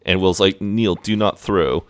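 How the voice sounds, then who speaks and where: A man's voice: low-pitched, steady tone, measured pace, slight background noise. A man co-hosting a podcast, recapping a TV episode in a laid-back, amused way and swearing freely. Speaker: podcast co-host.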